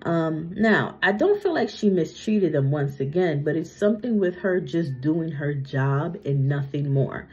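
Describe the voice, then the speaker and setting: Her voice is low and a little mellow with lively intonation, and she talks a little slowly with hardly any pauses. She's a young adult psychic medium delivering a casual, chatty reading, punctuated with "right?" and "okay?" and slightly slurred by a retainer. It's a muffled lo-fi recording.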